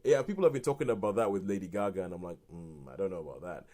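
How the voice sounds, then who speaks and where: A British man co-hosts a film podcast, his voice sitting a little low. He rambles through his review in an animated, casual way, restarting sentences and laughing now and then. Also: very fast. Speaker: podcast co-host reviewing films.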